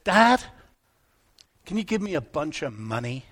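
A careless younger son pleads and then frets over what to do, as a preacher puts him on. The voice stays high. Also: male voice, big pitch swings, a little slow, fairly bright tone, husky, full character voice. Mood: pleading.

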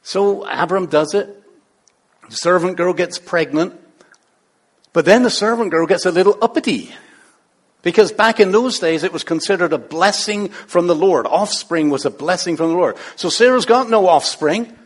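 A man's voice: sits high, moderate pace, slightly rough. A man preaching a sermon in a playful, conversational way, full of rhetorical questions. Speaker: pastor.

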